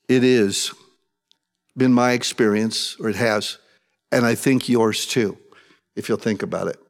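A man preaching a sermon in a conversational way, acting out the voices he quotes and swinging from soft to loud. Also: fairly high pitch, a little slow. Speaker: pastor. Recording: long hall reverb.

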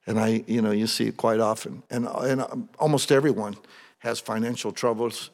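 A man preaching a sermon as pastor, with conversational, animated storytelling that builds in excitement. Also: fairly low pitch, normal speed, big-room sound.

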